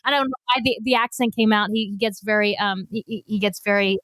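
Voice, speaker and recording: A woman who co-hosts a podcast and tells stories in a laughing, animated way. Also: mid-range voice, fast, dry recording. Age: adult parent. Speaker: podcast co-host. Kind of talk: casual podcast chat.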